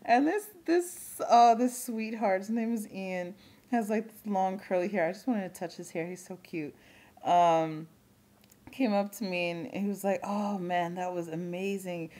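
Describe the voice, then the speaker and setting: A young woman vlogging in casual chat, talking quickly with lots of fillers and frequent laughs. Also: medium pitch, mellow.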